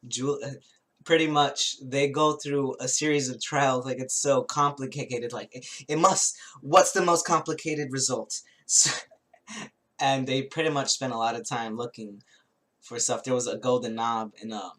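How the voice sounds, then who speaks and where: A man giving a casual spoken tarot reading, rambling and halting, with many restarts and little chuckles as he recounts a show. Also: mid-range voice, steady tone, fairly bright tone. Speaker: tarot reader.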